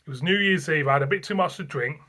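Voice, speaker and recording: A man with a slightly high voice tells a casual vlog story about himself. He rambles, circles back and repeats his own phrases. He sounds like an easygoing channel host chatting to his viewers. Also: fast, sharp tone. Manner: rambling, repeats himself, frequent fillers and chuckles. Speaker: beer review channel host.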